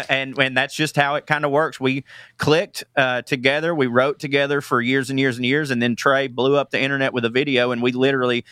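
A man with a Southern accent, a comedian guest in a casual radio interview, talking in an animated, joking way and laughing often. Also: mid-range voice, brisk, no room sound, studio quality.

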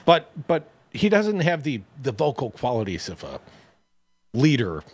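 A man's voice: medium pitch, huge pitch swings, unhurried, breathy edge, dry recording. A man co-hosting a radio talk show, joking and mocking in casual political chat from a studio. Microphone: studio microphone.

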